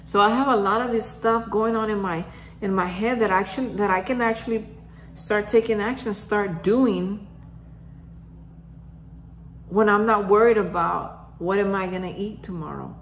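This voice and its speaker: A woman's voice: medium pitch, normal speed, a little hiss or hum. A woman hosting a daily reflection, telling a personal story in a casual way and acting out remembered conversations. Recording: roomy echo.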